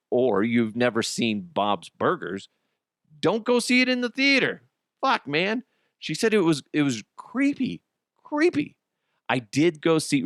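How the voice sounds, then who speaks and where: A middle-aged man hosting a podcast, telling comic stories in a casual monologue, swearing and acting out quotes in high voices. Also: no echo, clean studio sound. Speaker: podcast host.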